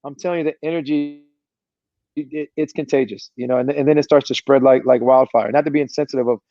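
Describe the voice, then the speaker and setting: A man who works as a performance coach, talking as a guest in an energetic, motivational way over a video call. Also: mid-range voice, fast, no echo, lo-fi sound. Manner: fired-up, motivational, preachy delivery. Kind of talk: energetic podcast interview talk.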